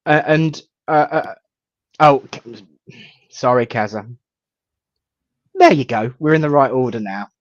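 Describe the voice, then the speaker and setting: A man, a reverend hosting a casual live chat, rambling warmly and greeting viewers by name. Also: medium pitch, expressive, a little slow, long pauses, dry recording. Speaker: host, reverend. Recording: dull lo-fi sound.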